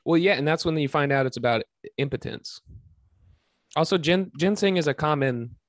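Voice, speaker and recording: A young man co-hosting a podcast, excitable and crude, joking his way through casual movie chat. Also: a little high, normal speed, no echo, studio quality. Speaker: podcast co-host.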